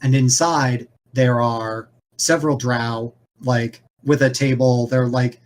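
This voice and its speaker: A man's voice: medium pitch, steady tone, a little slow, a little hiss or hum. A man narrating a tabletop game as game master in a casual, rambling way with lots of filler words.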